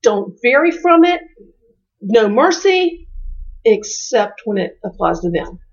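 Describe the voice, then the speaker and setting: A woman with a high voice tells family stories in an animated, chatty way. The sound is a little dull and lo-fi, like a modest podcast setup. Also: takes it slowly. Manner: animated storytelling, acting out family quotes. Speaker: co-host, parent speaker. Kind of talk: conversational podcast talk.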